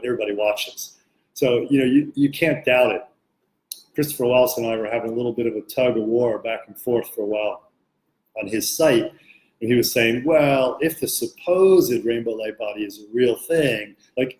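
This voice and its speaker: A man's voice: medium pitch, a little mellow. A man teaching meditation in a casual question-and-answer talk, blunt and joking in his manner. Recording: roomy echo.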